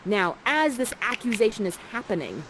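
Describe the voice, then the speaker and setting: Wearing a headset mic, a woman playfully narrates a live immersive play and directs the players, coaxing them along with jokes. Her mid-range voice swings widely in pitch at a moderate pace, with background noise present.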